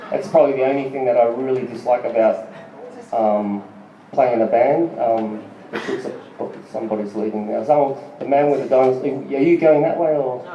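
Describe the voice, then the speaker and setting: An Australian stand-up comedian who also plays in a band does a rambling, profane set at a small live music venue, full of ums and asides to the crowd. His voice is mid-range and mellow. It's a far-off, lo-fi recording with echo from the room.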